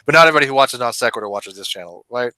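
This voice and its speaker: A man's voice: mid-range voice, lively intonation, racing, bright, forceful tone, no echo. A man hosting a debate channel in casual chat, talking conversationally with many fillers.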